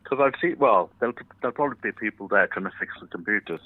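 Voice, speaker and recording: A man's voice: on the low side, expressive, quick pace, no echo. Male caller on a tinny phone line. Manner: chatty, wry asides.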